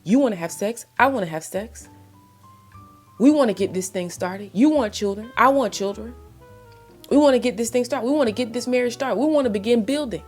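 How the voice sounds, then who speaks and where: A woman's voice: fairly high pitch, a little fast, faint music behind. A woman giving faith-based relationship advice in a blunt, impassioned monologue, full of exasperated rhetorical questions.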